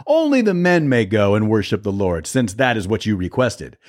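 A man's voice: lowish voice, sing-song, normal speed, a little mellow. A man reading as a stubborn Egyptian king. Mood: defiant.

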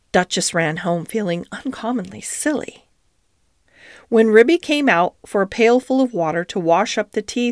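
Woman narrator, children's storybook, gentle and expressive, dry close mic. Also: medium pitch, no echo.

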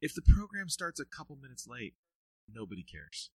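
A middle-aged man talking about youth ministry in a casual podcast interview, telling stories with earnest energy and quick laughs. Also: mid-range voice, huge pitch swings, warm tone, breathy edge, no room sound.

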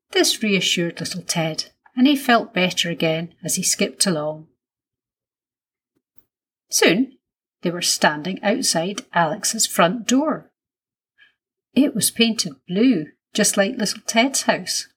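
A woman reading a children's story aloud in a gentle, unhurried manner. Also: on the low side, slightly rough.

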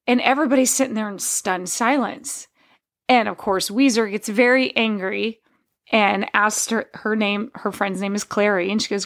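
A woman's voice: mid-range voice, fairly even intonation, normal speed, a bit bright. A woman hosting a podcast, sharing a personal story in a candid, heartfelt, conversational way. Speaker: podcast host.

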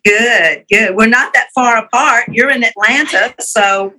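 A woman with a Southern US accent, co-hosting a podcast interview with friendly, unhurried introductions. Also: on the high side, bright, forceful tone, low-quality recording. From Alabama, USA. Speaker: podcast co-host.

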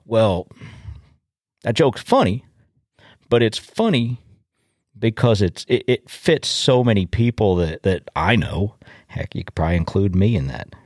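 A man's voice: fairly low pitch, expressive, measured pace, long pauses, a little mellow, dry recording, clean studio sound. A middle-aged man hosting a farm podcast, telling a story in a folksy, plainspoken way with frequent restarts. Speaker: podcast host. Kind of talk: casual storytelling monologue. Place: home in a rural community.

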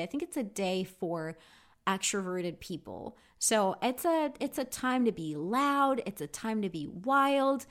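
A woman giving a casual English vocabulary lesson, chatty and candid, often pausing with "um". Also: mid-range voice. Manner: chatty, candid, with frequent ums. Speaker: English teacher.

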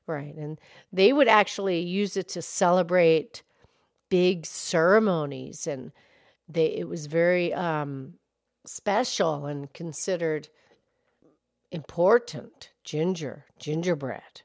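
A woman voicing a calm, kindly female cow who co-hosts a kids' podcast, gently reassuring and patiently explaining facts. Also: on the low side, takes it slowly, no echo, clean studio sound. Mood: gentle. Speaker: podcast co-host. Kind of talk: in-character kids' podcast chat.

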